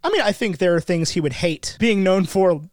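A man co-hosting a casual chat about movies, talkative and quick to slip into silly voices. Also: sits high, dry recording, clean studio sound. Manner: chatty, animated, jumps into silly voices. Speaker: podcast co-host.

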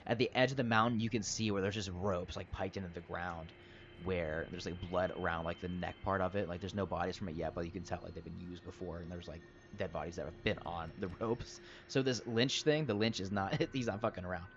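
A man's voice: deep voice, fairly even intonation, fairly quick, a little hiss or hum. A young man narrating a tabletop game as game master, rambling with lots of fillers. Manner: rambling, filler-heavy, laughs easily. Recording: dull lo-fi recording.

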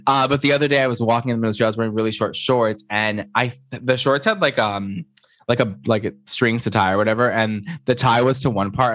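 A man's voice: on the low side, fairly bright tone, dry recording. A young man co-hosting a podcast, chatting casually and telling candid stories with frequent laughter. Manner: candid, giggly storytelling. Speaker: podcast co-host. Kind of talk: casual chat.

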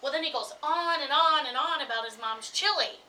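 A woman co-hosting a podcast, telling a story in casual chat, animated and laughing often as she acts out what others said. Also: sits high, fairly quick, recorded from a distance, a little hiss or hum, low-quality recording. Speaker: podcast co-host.

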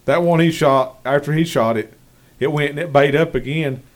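A man's voice: fairly high pitch, normal speed. A man, a guest hunter telling stories in plain, matter-of-fact rural talk. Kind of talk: casual storytelling chat.

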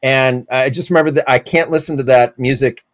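A man's voice: mid-range voice, steady tone, a little fast, a little hiss or hum. A man chatting as a podcast guest, telling stories animatedly and bursting into put-on voices. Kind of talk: casual chat.

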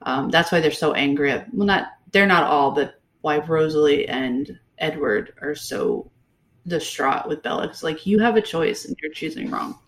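Sarcastic, low-pitched podcast woman. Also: normal speed. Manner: animated, sarcastic, lots of fillers. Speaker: podcast co-host. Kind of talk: casual book-review chat.

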